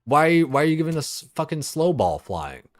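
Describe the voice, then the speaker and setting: A man's voice: fairly high pitch, sing-song, normal speed, no echo, clean studio sound. A young man streaming games, ranting in a loose, exasperated way, full of swearing and filler words. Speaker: gaming streamer. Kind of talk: casual livestream rant.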